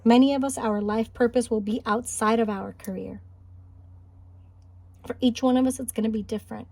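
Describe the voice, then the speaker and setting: A woman giving a spiritual pick-a-card reading, gentle and encouraging, thinking aloud with small restarts. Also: a little high, fairly even intonation, normal speed, gravelly, dry recording. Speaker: tarot card reader. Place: home, Highland Park, California.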